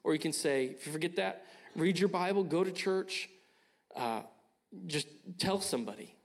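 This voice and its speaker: A man's voice: fairly high pitch, moderate pace, vocal fry. A young man preaching a sermon, earnest and urging, often repeating his phrases. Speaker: pastor.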